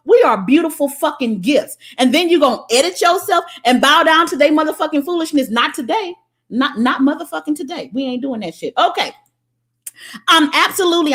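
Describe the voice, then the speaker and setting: A woman from the United States hosting a livestream, preaching in a blunt, profane, impassioned way while she reads out viewer comments. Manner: profane, blunt and preachy, swinging from loud to low. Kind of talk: impassioned motivational livestream talk.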